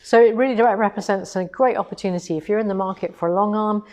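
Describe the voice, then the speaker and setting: A woman's voice: medium pitch, fast, a little mellow. A woman co-hosting a livestream, talking casually and enthusiastically while demonstrating a machine. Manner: chatty, enthusiastic, rhetorical asides. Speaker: co-host of a quilting shop livestream. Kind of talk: casual livestream chat and product demo.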